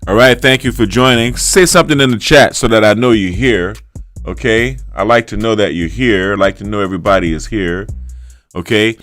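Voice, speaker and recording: A man with a New Orleans drawl talks through a casual livestream in a somewhat low voice. He lectures, repeats himself and keeps checking that the audience is with him. A faint funky beat plays quietly behind him. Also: brisk. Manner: repetitive, lecturing, keeps checking in with "right?" and "okay?". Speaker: livestream host. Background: faint funky music beat.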